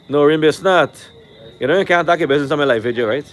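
A man hosting a live stream from a rooftop cookout, reeling off shout-outs and ranting at critics in a brash, animated way. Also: a little high, very fast.

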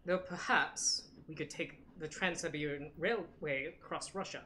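Woman playing a cool formal english gentleman, dry and clipped, a bit low. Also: moderate pace, a little hiss or hum. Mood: aloof.

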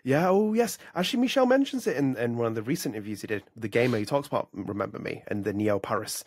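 A man with a mid-range, animated voice co-hosts a gaming podcast, chatting casually and rambling rapidly with plenty of fillers. The recording is studio quality with no echo.

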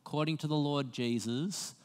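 A man's voice: fairly high pitch, moderate pace, long reverb tail. A man preaching a sermon as pastor, talking to the congregation in a conversational way and weaving in personal stories. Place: church.

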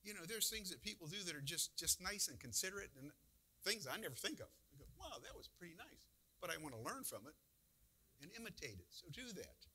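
Bright-voiced male pastor preaching. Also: sits high, sing-song, fast, slightly rough. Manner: conversational preaching with rhetorical questions. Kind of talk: sermon. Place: church.

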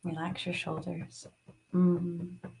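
Slow, soothing woman guiding a tapping session. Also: lowish voice, completely flat delivery, creaky, mellow, slight background noise. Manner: slow, soothing, sighing between cues. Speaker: tapping and meditation guide. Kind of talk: guided tapping session, live stream.

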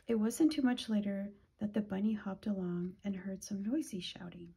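A woman reading a children's picture book aloud, gentle and often dropping to a whisper, with a husky voice. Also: mid-range voice, steady tone, normal speed, hardly any pauses. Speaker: children's storytime reader.

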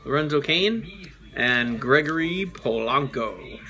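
A man's voice: fairly high pitch, lively intonation, slow, over music. A man hosting a toy show, chatting casually as he reads out names and makes joking asides. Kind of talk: casual card-opening chat.

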